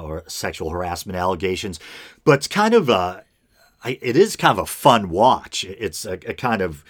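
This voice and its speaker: A man's voice: sits low, a bit bright. A man hosting a casual solo podcast, reading news stories aloud with offhand asides and frequent laughs. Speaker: podcast host.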